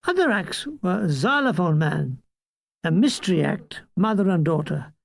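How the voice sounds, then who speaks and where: An older woman reading a comic memoir aloud, with a dry, deadpan delivery. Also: lowish voice, normal speed, gravelly, no echo. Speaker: reader.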